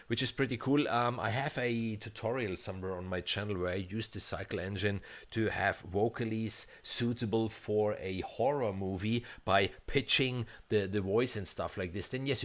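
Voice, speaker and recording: A man's voice: lowish voice, a bit bright. A man composer live-streaming a walkthrough of a sample library, talking in a chatty, enthusiastic way with frequent restarts. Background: faint instrument demos playing.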